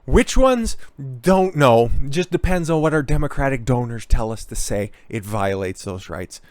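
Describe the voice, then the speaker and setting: A man's voice: medium pitch, moderate pace, a little mellow, smooth, no room sound. A man hosting political commentary, ranting angrily and sarcastically over news clips, with heavy swearing and mocking voices.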